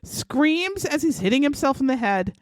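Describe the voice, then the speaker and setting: Woman podcast co-host, lively true-crime storyteller, dry close sound. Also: sits high, normal speed, dry recording. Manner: animated retelling, acts out quotes in shouted voices. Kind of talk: casual true-crime chat.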